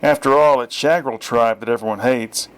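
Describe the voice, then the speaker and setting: A man voicing a sarcastic, teasing male bean creature in a read-aloud story, with a raised, louder voice. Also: mid-range voice, normal speed, smooth, close to an everyday voice, poor audio.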